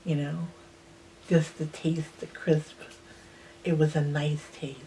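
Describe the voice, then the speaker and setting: A woman in her sixties slowly telling a personal childhood memory in a reflective way, sometimes dropping to a near-whisper. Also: low voice, flat delivery, dark tone, a little hiss or hum. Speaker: host. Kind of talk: personal storytelling.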